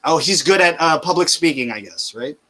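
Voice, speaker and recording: A podcast host in his thirties with a bright, forward tone. He rambles loosely through shout-outs, swearing freely in a relaxed, chatty way. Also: on the high side, brisk. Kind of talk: casual chat.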